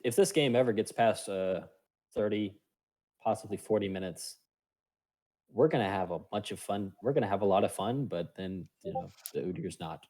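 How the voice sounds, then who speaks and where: A man's voice: fairly low pitch, normal speed, mellow. A man casting an amateur esports match in a casual, playful way, tossing in jokey quips. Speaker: esports caster.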